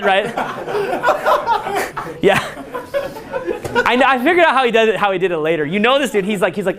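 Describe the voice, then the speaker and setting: A man giving an energetic, rambling seminar talk full of filler words. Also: high-pitched, brisk, a crowd in the background. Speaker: seminar coach. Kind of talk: casual live seminar talk.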